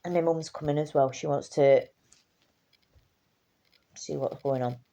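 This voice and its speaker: Tired woman vlogging; low, dark, gravelly voice, loose and chatty. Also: steady tone, a little slow. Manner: chatty, swears casually, trails off and restarts. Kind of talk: casual rambling chat.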